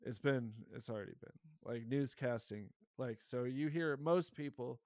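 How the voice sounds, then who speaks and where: A man with a Michigan accent, co-hosting a podcast in loose, excitable, profanity-heavy chat. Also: mid-range voice, moderate pace, dry recording, studio quality. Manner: excitable, swears a lot, laughs often. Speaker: podcast co-host.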